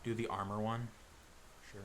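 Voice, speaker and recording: Game master, male, bright sharp voice, loose rambling narration. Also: fairly low pitch, level tone, normal speed, slight background noise.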